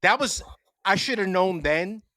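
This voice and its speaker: A man's voice: high-pitched, a little slow, dry recording. A man co-hosting a podcast, telling rambling stories with lots of swearing. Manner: animated, profane storyteller. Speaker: podcast co-host. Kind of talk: casual chat.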